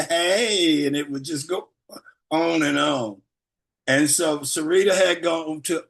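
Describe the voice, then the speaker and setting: An older man, a guest speaker, tells stories to a group in a relaxed, rambling way and chuckles often. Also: fairly high pitch. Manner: relaxed, rambling delivery with fillers. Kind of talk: storytelling anecdotes to a group.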